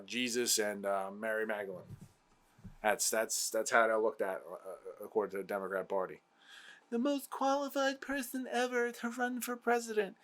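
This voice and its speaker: A man hosting his own show, ranting heatedly and exasperatedly about politics, repeating himself. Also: fairly low pitch. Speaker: podcast host. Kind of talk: political rant.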